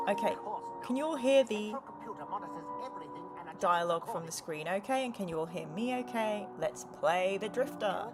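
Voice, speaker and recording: A woman's voice: medium pitch, expressive, normal speed, long pauses, over music. A woman hosting a live gaming stream, chatting casually, reading viewer comments aloud and making jokey asides.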